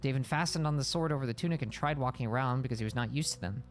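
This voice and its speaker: A man's voice: medium pitch, racing, soft background music. A man reading a Bible passage aloud on a stream and stopping to explain it in casual words.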